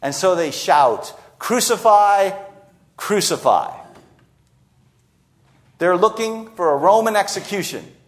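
A man preaching an expository sermon, slowing down and acting out quoted lines for emphasis. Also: high-pitched, animated.

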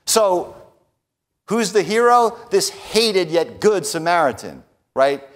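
A man with a voice on the higher side delivers a sermon. He stresses his points, drops to hushed lines, then rises to bold declarations. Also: sing-song, takes it slowly. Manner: emphatic, often adds a tag question "right?"; moves between hushed lines and raised declarations. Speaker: preacher.

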